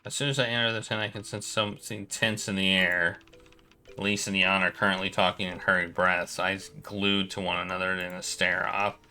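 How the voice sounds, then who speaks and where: A man's voice: low-pitched, little pitch movement, sharp tone, slight background noise. A man streaming a game, casually reading its story text aloud with occasional stumbles. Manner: quick, casual narration with stumbles.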